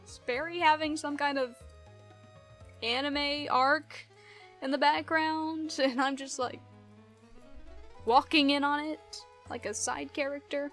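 A woman's voice: high voice, steady tone, takes it slowly, pauses often, fairly bright tone, faint music behind. A woman casually commentating a video game playthrough, chatty and giggly. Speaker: let's play host.

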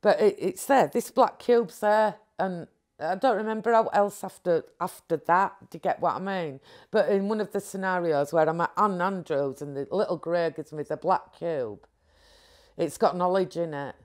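A woman, recounting a personal experience in an interview in a rambling, animated way with frequent restarts. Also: fairly low pitch, normal speed. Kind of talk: candid personal storytelling.

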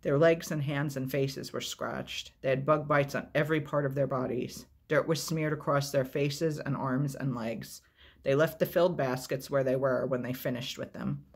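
A man reads a novel aloud as a storyteller, in a steady, measured, unhurried way. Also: medium pitch, gravelly, slightly rough.

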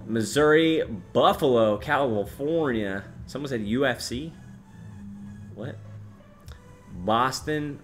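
A man's voice: mid-range voice, moderate pace, soft background music. A young man in his twenties streaming live, casually reading viewer comments aloud and swearing now and then. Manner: swearing, animated, shouts out chat names and places.

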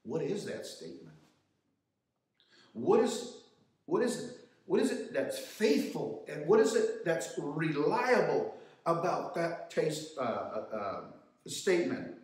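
A man leads a youth Bible lesson in a church in a high, animated voice, piling up rhetorical questions. He speaks slowly and often restarts his sentences. He is heard from a distance in a very echoey hall. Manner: preaches with repeated rhetorical questions and many restarts. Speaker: youth Sunday class teacher. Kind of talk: sermon-style Bible lesson.

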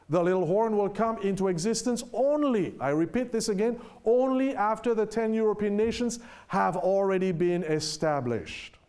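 Emphatic high-voiced male preacher. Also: darkish tone. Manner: emphatic, asks the listeners rhetorical questions; reads scripture aloud slowly with heavy stress. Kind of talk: sermon.

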